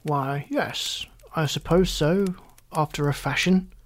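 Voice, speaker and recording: Brief: reader as a cutting, bad-tempered old physician, loud and clipped. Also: medium pitch, slow pace, lightly acted. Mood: curt. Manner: sharp, cutting, curt. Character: irritable, harsh older family doctor. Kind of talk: audiobook character voice.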